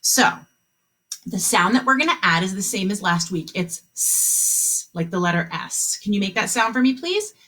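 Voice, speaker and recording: A woman teaching a kindergarten phonics lesson on a video call, speaking slowly and encouragingly and stretching out the sounds of words for young children. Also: mid-range voice, lively intonation, bright, forceful tone.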